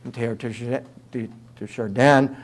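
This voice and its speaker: An older man with a New York accent, in his seventies, talks through an interview with an easy, anecdotal humor and plenty of fillers. His voice sits at an ordinary middle pitch. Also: steady tone, normal speed. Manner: humorous storyteller, conversational with fillers. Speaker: author and guest speaker.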